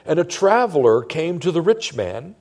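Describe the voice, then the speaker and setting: A man preaching a sermon in a conversational way, his voice swinging from loud emphasis to hushed tones. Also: fairly high pitch, big pitch swings, normal speed. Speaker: pastor.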